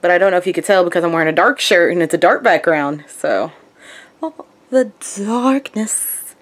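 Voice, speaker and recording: Talking fast in a dry recording with no echo, a young woman vlogs about her day in an upbeat, chatty manner. At times she slips into high-pitched baby talk for her dog.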